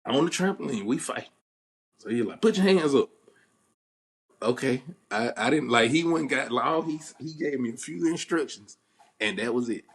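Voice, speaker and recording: A man's voice: mid-range voice, fairly quick. A young man, host of a podcast, telling a childhood story in casual chat and acting out the voices of the people in it. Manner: animated storyteller, acts out quoted voices, laughs at himself.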